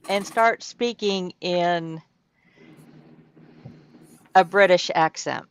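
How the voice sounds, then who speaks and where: A woman's voice: mid-range voice, lively intonation, a little slow. A woman who tells amused anecdotes about her daughter in a casual group chat. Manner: amused, laughing storyteller. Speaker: panelist, mother. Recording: dry, dull lo-fi audio.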